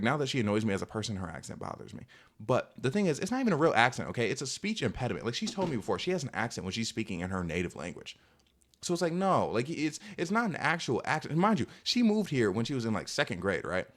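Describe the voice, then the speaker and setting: Fast-talking low-voiced young man. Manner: defensive, rambling, many filler likes. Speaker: vlogger. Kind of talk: casual storytime monologue.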